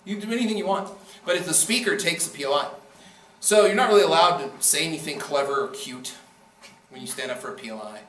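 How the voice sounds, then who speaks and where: A man's voice: on the high side, fast talker, a bit bright, a little hiss or hum. A man giving a casual classroom lecture on debating, joking and acting out quoted speakers. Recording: echoey room from far off.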